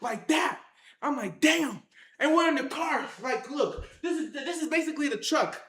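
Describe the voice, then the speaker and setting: A speaker telling a wild story to viewers in casual slang, acting out fights with shouted sound effects and repeated phrases. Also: high voice, moderate pace, echoey room. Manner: excited, acts out the action with sound effects and shouts. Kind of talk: animated tall-tale storytelling to viewers.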